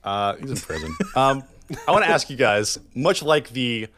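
A man's voice: medium pitch, expressive, moderate pace, a bit bright. A man co-hosting a casual podcast, rambling and repeating words as he talks, laughing now and then. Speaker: podcast co-host. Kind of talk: casual chat, telling a joke.

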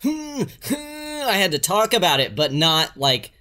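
A man co-hosting a casual podcast, enthusiastic and playful. His voice is bright and sharp, with a pitch that jumps around. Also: expressive, moderate pace. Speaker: podcast co-host.

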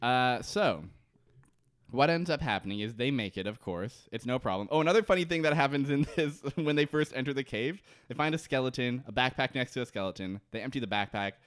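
A man's voice: medium pitch, animated, a little fast, a bit bright, clean tone. A man co-hosting a podcast, giving a joking, profane recap of a TV episode and acting out the scenes. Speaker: podcast co-host. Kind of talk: casual episode recap chat.

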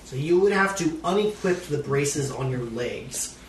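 A man narrating a tabletop game as game master, pausing often with uhs and ums. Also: a little high, animated, recorded from a distance. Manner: halting, full of uh and um. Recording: echoey room, off-mic, faint noise.

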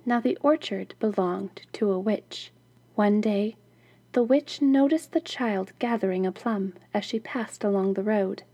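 A woman's voice: medium pitch, measured pace, dark tone, breathy edge, no echo. A woman hosting a podcast, reading a fairy tale aloud and adding chatty, wry asides. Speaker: podcast host and storyteller.

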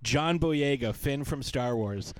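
A man's voice: mid-range voice, animated, slow, no room sound. A man co-hosting a podcast in casual chat, rambling and searching for his words. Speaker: podcast co-host.

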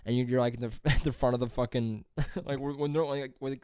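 A young man swapping stories in a loose, laughing ramble, full of swearing and restarts. His voice sits at a middle pitch and sounds dry and close, with no room around it. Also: fairly even intonation, brisk, a little mellow, clean tone, no room sound. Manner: rambling, laughing, crude storytelling. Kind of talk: casual chat.

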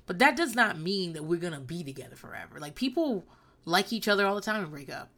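A woman's voice: on the low side, very animated, fast talker, a bit bright. A woman in her thirties hosting a solo podcast, telling stories bluntly and profanely with a rambling, candid delivery. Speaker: podcast host.

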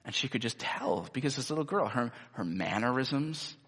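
A man's voice: medium pitch, animated, normal speed, a bit bright, husky. Male pastor, easygoing sermon delivery, mid voice, reverberant hall sound. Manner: conversational, many rhetorical "right?" tags.

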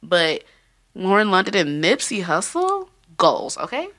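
A woman's voice: mid-range voice, very animated, unhurried, fairly bright tone. A woman hosting a casual podcast, talking loosely, swearing and laughing often. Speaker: podcast host.

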